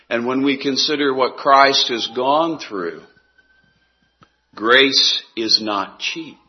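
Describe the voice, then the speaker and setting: A man preaching a sermon in a slow, earnest way, his voice sinking soft on key words. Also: a little high, lo-fi sound.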